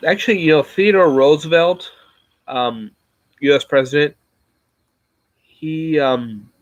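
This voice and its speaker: A man's voice: a little high, takes it slowly, no echo, muffled recording. A man casually chatting to his viewers, rambling and self-reflective, with many fillers and restarts. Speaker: YouTuber talking to his viewers. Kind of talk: casual livestream chat.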